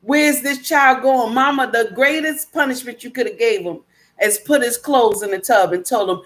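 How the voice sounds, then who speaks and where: A woman's voice: on the high side, normal speed, a bit bright. Emphatic woman lecturing her live chat. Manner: emphatic, preachy, repeats points; calls listeners baby and my dear. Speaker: live stream host reading chat. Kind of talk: casual livestream talk.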